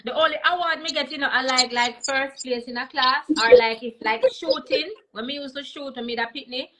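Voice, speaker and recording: A woman's voice: sits high, lively intonation, brisk, over a noisy crowd, rough recording. A Jamaican woman, a comedian, telling stories in a casual interview over a video call, switching between patois and English. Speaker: comedian guest.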